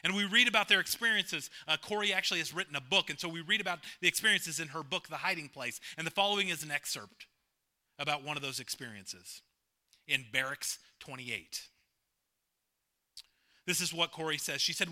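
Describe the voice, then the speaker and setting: A man's voice: fairly high pitch, animated, moderate pace, pushed and bright. A male pastor giving a sermon, emphatic and repeating his key phrases.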